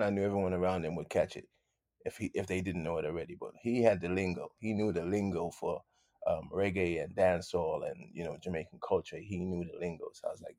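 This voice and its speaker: Low-voiced guy chatting as a guest, loose and animated, keeps repeating himself and saying man, dry close sound. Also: dry recording. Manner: animated, repeats phrases, says "man" a lot. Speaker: guest musician. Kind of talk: casual interview storytelling.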